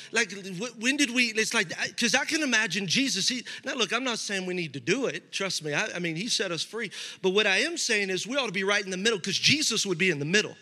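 Preaching in a sharp tone with a voice that sits high, this middle-aged pastor talks through his sermon conversationally and keeps restarting his sentences. Faint music and hall reverb fill the recording.

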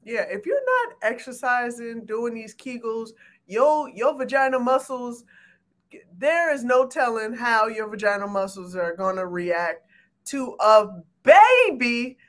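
Animated, outspoken woman co-host. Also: a little high, unhurried. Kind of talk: casual chat.

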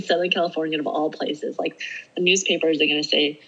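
A woman's voice: deep voice, flat delivery, brisk, a bit bright, husky, highs cut off. A middle-aged woman, a podcast guest, telling a story in casual conversation. She acts out her own self-talk and laughs often as she speaks. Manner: laughs often while talking.

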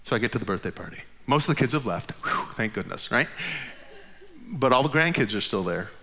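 A man in his fifties telling a funny personal story, his voice leaping up at the punchlines and sinking low and quiet for the tired asides. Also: brisk, creaky, big-room sound. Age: 50s. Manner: animated, jumps high in pitch at the funny parts.

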